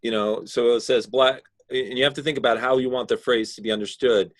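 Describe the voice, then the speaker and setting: A man's voice: mid-range voice, fairly even intonation, brisk, no room sound, studio quality. A man teaching a class, patiently giving design critique and explaining his reasoning over a video call. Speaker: instructor.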